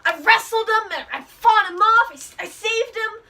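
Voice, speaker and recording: A woman's voice: very high voice, normal speed, bright, forceful tone, recorded from a distance, pitched above the performer's own voice. A woman voicing a nervous, whiny young pirate second mate who stammers and pleads. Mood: defensive.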